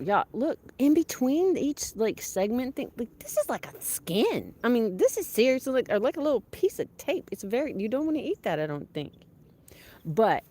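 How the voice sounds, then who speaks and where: A woman with a drawl, talking to her followers as she walks her farm with a phone. Her voice swings up and down with a lot of life, and she rambles in a chatty, animated way. It's recorded outdoors on a handheld phone. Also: lowish voice. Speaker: farm vlogger. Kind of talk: casual live-stream chat.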